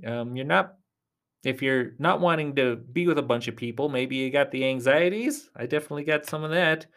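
A man hosting a casual solo podcast, rambling and chatty, talking straight to his listeners in a reassuring way, often dropping to soft near-whispers. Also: mid-range voice, fairly quick. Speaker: podcast host.

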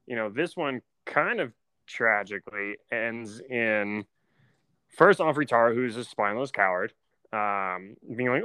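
A man's voice: medium pitch, unhurried, sharp tone, clear, resonant tone, no room sound. A man co-hosting a podcast, chatting casually with dry, mock-serious jokes. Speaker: podcast co-host.

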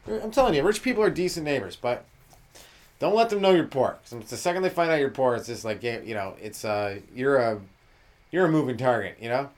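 A man's voice: medium pitch, lively intonation, fairly quick. A male comedian hosting a podcast, rambling through a loose, profane solo monologue and dropping into mocking voices for the people he quotes.

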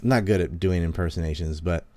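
Profane ranting man, low dry voice. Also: quick pace, warm tone, no echo. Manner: profane, heated, sarcastic. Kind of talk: casual ranting monologue.

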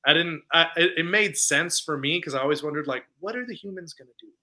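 Male podcast co-host, sharp bright tone, slightly high-pitched, animated storyteller. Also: fast. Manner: animated retelling, acts out lines from scenes; conversational with many fillers. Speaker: podcast co-host reviewing films. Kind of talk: casual chat.

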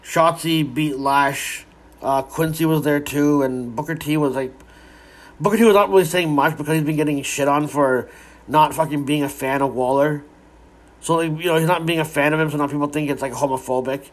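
A man's voice: on the high side, fairly even intonation, normal speed. Man rambling through a wrestling recap. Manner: rambling, frequent restarts and profanity. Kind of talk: casual spoken recap.

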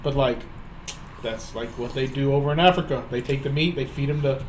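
A man's voice: mid-range voice, fairly quick, a little hiss or hum, low-quality recording. A man chatting casually with friends, rambling through stories and laughing while he talks. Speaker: friend in group chat. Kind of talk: casual chat.

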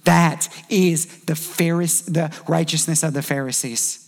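Gravelly high-voiced man preaching. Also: steady tone, measured pace. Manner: conversational preaching with acted-out quotes. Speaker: pastor. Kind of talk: sermon.

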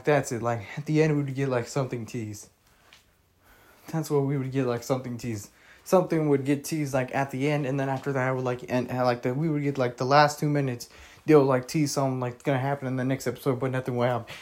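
Rambling young man on a podcast. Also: a little high. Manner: rambling, repetitive, with many fillers and restarts; opinionated, with frequent mild cursing. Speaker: podcast host. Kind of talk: casual solo podcast talk.

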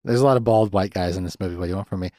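A young man hosts a podcast, recapping a film in a rambling, profane way full of sardonic asides. His voice sits on the low side, and the recording is dry and close-miked with little room sound. Now and then he jumps up into quick, higher voices to play out the characters. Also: warm tone, no echo. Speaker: podcast host.

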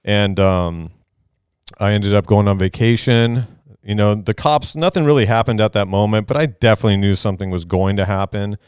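A man's voice: on the low side, normal speed, darkish tone, clean tone, no room sound, studio quality. A middle-aged man, telling stories as a podcast guest in a loose, rambling way. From Southern California. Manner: laid-back, rambling, laughs through stories. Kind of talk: casual storytelling.

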